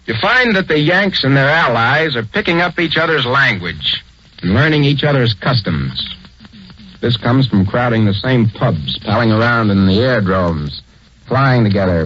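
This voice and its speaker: Male radio narrator, 1940s, explanatory and easygoing; husky, dry, lo-fi. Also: mid-range voice, expressive, normal speed, fairly bright tone. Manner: conversational, explanatory. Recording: dull, dry old radio recording.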